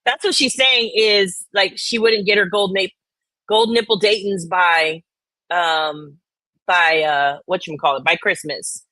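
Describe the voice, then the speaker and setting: A woman's voice: lowish voice, fairly even intonation, unhurried, bright, forceful tone, dry recording, rough recording. A woman hosting a casual livestream, rambling, teasing and swearing freely. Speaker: livestream host.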